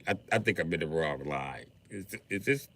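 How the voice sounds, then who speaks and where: A man's voice: animated, moderate pace, heavily acted. A man voicing a timid, stammering soul who mumbles hesitantly about being stuck in the wrong line. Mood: nervous. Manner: hesitant, stammering, low and hushed.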